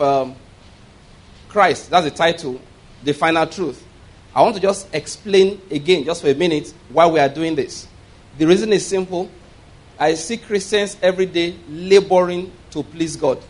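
A man preaching a sermon as pastor. He reads scripture aloud, explains it line by line, and has the congregation repeat words back. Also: a little high. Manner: leads the congregation in call-and-response; asks "all right?" as a check-in.

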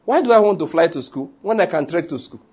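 A man's voice: on the high side, lively intonation, quick pace, darkish tone. A man with a Nigerian accent preaching a sermon, chatty and humorous, dropping into Pidgin asides. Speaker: pastor.

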